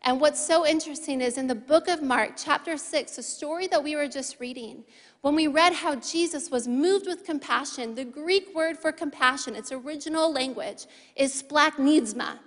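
A woman's voice: high-pitched, normal speed. A woman in her thirties preaching a sermon to a congregation, emphatic, repeating key phrases and adding playful asides to the crowd. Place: large church hall. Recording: long reverb of a large hall.

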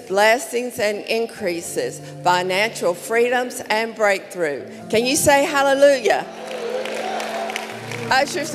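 A woman pastor leading the offering in a church service, reading a declaration slowly and with emphasis. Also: a little high. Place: large church sanctuary. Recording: long hall reverb.

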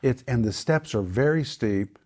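A middle-aged man hosting a casual chat, telling stories with rising excitement. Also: medium pitch, moderate pace, slightly rough. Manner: animated storyteller, voice rising with excitement. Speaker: host.

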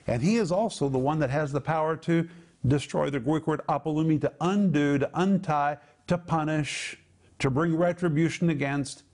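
A man teaching a sermon on scripture, emphatic and deliberate, dropping to low hushed tones to stress key words. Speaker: Bible teacher.

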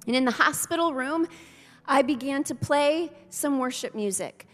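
A woman's voice: sits high, moderate pace. A woman pastor giving a heartfelt, personal sermon to her congregation, telling her story openly and emotionally. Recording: live sermon with hall reverb and soft music.

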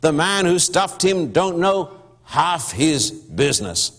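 A man's voice: fairly high pitch, very animated, slow pace, creaky, fairly bright tone, pitched above the performer's own voice, heavily acted. A male preacher voicing a pompous young man who lectures indignantly about a badly stuffed owl. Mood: indignant lecturing. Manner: indignant, lecturing, know-it-all.

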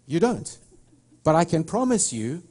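A man's voice: fairly high pitch, very animated, measured pace, mellow, slightly rough. A middle-aged man with a South African accent preaching a sermon, telling stories with many restarts. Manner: rambling, storytelling with many restarts. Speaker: pastor.

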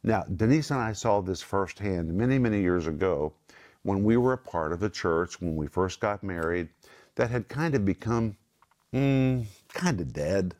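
A middle-aged man teaching the Bible on a broadcast, speaking emphatically and slowing down to stress key words. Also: low voice, lively intonation, darkish tone. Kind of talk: Bible teaching with scripture quotes.

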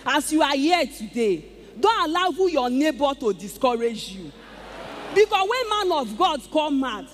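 Animated Nigerian woman giving testimony. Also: high voice, slight background noise. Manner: animated, exclaiming, acts out dialogue. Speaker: church testifier. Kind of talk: emotional testimony before a congregation. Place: large church auditorium. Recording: echoey large auditorium.

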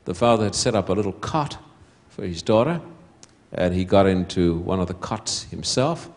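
A man preaching a sermon to a congregation, telling a story slowly and deliberately, dropping to a hushed voice at quiet moments. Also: low-pitched, lively intonation.

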